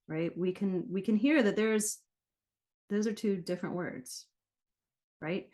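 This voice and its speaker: A woman's voice: mid-range voice, unhurried, long pauses, darkish tone. A woman, a pronunciation coach, guesting on a podcast interview and explaining her work conversationally. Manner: explanatory, often checks in with "right?".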